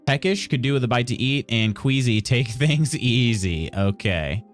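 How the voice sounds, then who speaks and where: A man's voice: medium pitch, expressive, normal speed, soft background music. A man streaming a game live, reading tutorial text aloud and adding playful, wry asides to chat.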